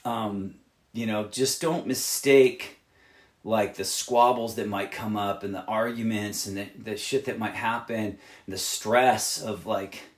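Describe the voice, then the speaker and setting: A man's voice: on the low side, steady tone, unhurried, roomy sound. A man who plays in a rock band, giving other bands blunt, rambling advice full of swearing. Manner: profane, emphatic and rambling. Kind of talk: candid advice monologue.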